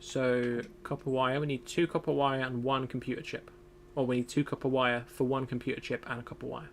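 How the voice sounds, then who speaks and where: A man's voice: mid-range voice, level tone, brisk. Young man, gameplay commentary, thinking aloud, faint background hum. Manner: thinks aloud, muttering to himself. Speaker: gaming streamer.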